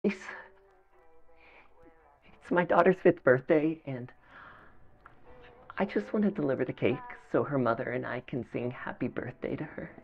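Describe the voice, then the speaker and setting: A man's voice: mid-range voice, moderate pace, creaky, pauses often, natural voice. An actor playing a desperate stranded father who pleads hesitantly for help at a stranger's door. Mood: pleading. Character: desperate middle-aged man pleading at a door. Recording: slightly dull audio with faint music.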